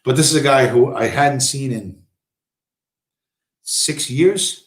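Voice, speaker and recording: A man's voice: medium pitch, moderate pace. A man rambling through a profane, meandering story on a casual livestream, often mimicking the people he quotes. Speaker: livestream host. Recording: echoey room.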